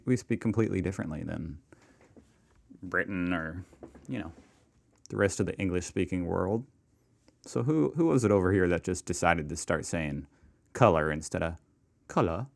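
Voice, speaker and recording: American male reaction host, deep and creaky, chatty. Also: lively intonation, moderate pace, long pauses, darkish tone. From United States. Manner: chatty, self-deprecating, musing aloud. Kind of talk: casual reaction commentary.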